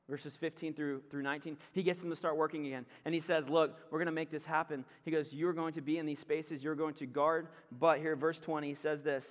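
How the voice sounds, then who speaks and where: Guy pastor preaching, kinda high voice, long echo from the hall, dull muffled sound. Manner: conversational preaching with asides. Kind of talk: sermon.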